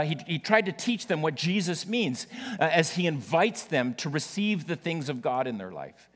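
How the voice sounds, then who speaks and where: Male pastor, sermon, relaxed storyteller with teasing asides, a bit high-pitched, echoing sanctuary. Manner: storytelling with playful asides to the congregation. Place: church.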